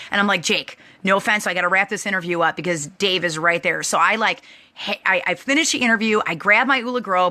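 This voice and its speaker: A woman host telling a lively personal story to her online audience, bubbly and chatty with lots of likes and restarts. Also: medium pitch.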